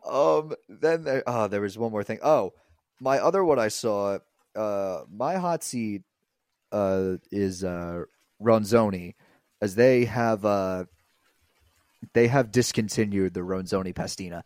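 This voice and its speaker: A man's voice: on the low side, measured pace, a little mellow, no room sound, studio quality. A young man co-hosting a casual sports podcast, rambling with lots of filler words. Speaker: podcast co-host.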